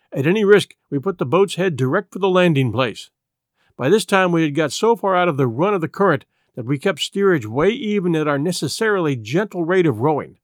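A man reading a classic adventure novel aloud in measured, even storytelling narration. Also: on the high side, no echo, clean studio sound. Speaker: audiobook reader. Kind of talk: scripted narration.

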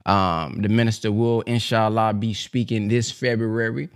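A man hosting a podcast in casual chat, slangy and animated. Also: on the low side, normal speed, clear, resonant tone. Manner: animated, laughing, slangy, says "boy" and "man" a lot. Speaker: podcast host.

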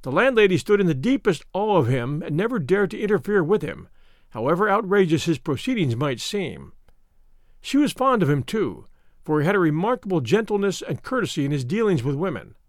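Man reading a story with lively, expressive pitch. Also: dry recording, studio quality. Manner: measured, expressive first-person reading. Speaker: narrator. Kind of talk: scripted audiobook narration.

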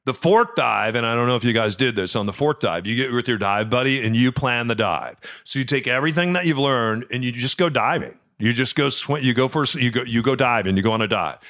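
A middle-aged man recounts a personal story on his podcast in an easy, chatty way. His voice sits at an ordinary pitch, and he stumbles over repeated words. He gets quiet and low when he is moved. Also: a little fast, few pauses. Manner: chatty, repeats words when emotional, drops soft and low at tender moments. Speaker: podcast host. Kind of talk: casual storytelling.

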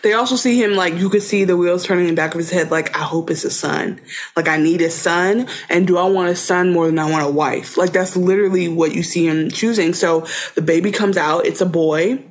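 Animated woman podcast co-host. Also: fairly low pitch, fairly quick. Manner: animated, acts out scenes in playful voices. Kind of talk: casual chat.

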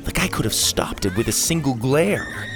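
A man narrating a kids' adventure story in an expressive, animated storytelling manner. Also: mid-range voice, normal speed, music in the background.

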